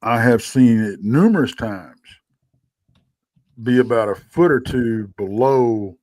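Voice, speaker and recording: A man's voice: medium pitch, slow pace, darkish tone, no echo. A tired man, a regular on a live show, telling rambling stories in casual chat with lots of restarts. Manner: rambling storyteller with many restarts. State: tired, yawning late at night. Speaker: regular panelist.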